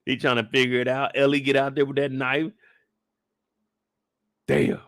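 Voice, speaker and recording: A young man giving a casual, profane, joking recap of a TV episode, lively and quick to burst into loud shouts. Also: medium pitch, smooth, no echo, studio quality. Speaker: show recap reviewer. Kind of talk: casual live recap commentary.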